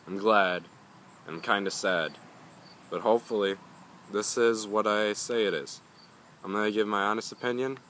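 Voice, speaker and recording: A man's voice: on the low side, fairly even intonation, normal speed, pauses often, fairly bright tone, a little hiss or hum. A young man reviewing a hot pepper in a casual vlog, rambling and swearing often as he grumbles.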